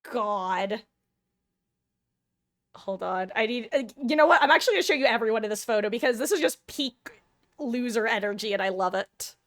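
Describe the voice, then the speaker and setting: A woman's voice: a little high, animated, normal speed, long pauses. Young woman, twenties, casual live-stream host; loose, chatty, self-deprecating.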